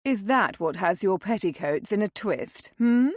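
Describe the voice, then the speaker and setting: A woman's voice: medium pitch, animated, unhurried, no echo, studio quality, close to an everyday voice. A woman voicing a teasing young aristocratic duke who drawls and mocks his friend, in a read romance novel. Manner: drawling, mocking.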